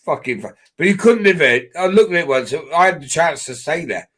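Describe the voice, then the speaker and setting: A man's voice: a little high, animated, brisk, a bit bright, husky. Sweary man telling stories. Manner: swears freely, rambling travel anecdotes. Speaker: podcast co-host. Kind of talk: casual pub-style chat.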